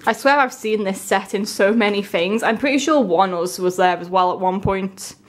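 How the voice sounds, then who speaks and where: A young woman, chatting casually and gushing with excitement as she unboxes albums. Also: medium pitch, normal speed. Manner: gushing, excitable, breaks into gasps and soft whispers.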